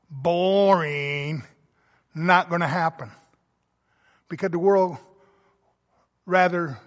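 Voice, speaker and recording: Man, pastor, sermon, emphatic preaching, reverberant sanctuary. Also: high-pitched. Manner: emphatic preaching, swelling to loud emphasis then dropping soft.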